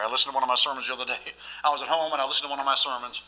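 A man's voice: mid-range voice, level tone, very fast, pushed and bright, rough recording. A man preaching a sermon as pastor, emphatic and often asking the listeners questions.

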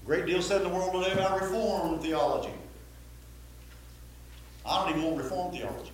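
A man's voice: sits high, fairly quick, a little hiss or hum. A man preaching a sermon to a Baptist congregation, emphatic and repetitive, often asking the listeners questions. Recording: very echoey hall, faint ambience.

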